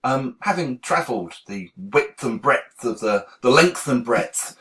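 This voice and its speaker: Brief: English teacher trainer, regional accent, candid and self-deprecating, mid-pitched man. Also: lively intonation, a little slow, pushed and bright. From England. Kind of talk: reflective talk to camera.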